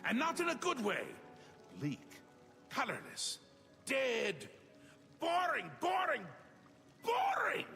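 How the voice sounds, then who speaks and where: An actor playing a manic male Daedric prince who swings wildly between whispers and shouts, in a video game. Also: very high-pitched, wildly swooping pitch, slow pace, long pauses, faint music behind, heavily acted. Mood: mocking. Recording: game audio with long reverb.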